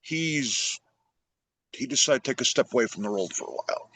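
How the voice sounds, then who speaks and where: A middle-aged man hosting a conversation, talking in an animated, rambling way. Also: medium pitch, moderate pace, slight background noise. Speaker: podcast host. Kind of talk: casual conversation.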